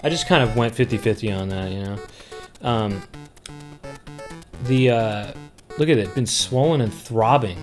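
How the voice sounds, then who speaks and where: A man streaming a retro game, chatting casually and rambling, breaking into loud high singing of tunes. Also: measured pace, long pauses, over music. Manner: rambling, hums and sings tunes loudly and high. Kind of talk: casual chat while gaming.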